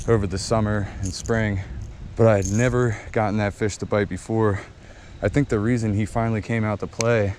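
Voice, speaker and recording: A man's voice: fairly low pitch, darkish tone. A young man from eastern Pennsylvania giving casual, laid-back commentary while fishing at a small backyard pond, talking to his viewers. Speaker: fishing vlogger. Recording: outdoor camera audio with clear background noise.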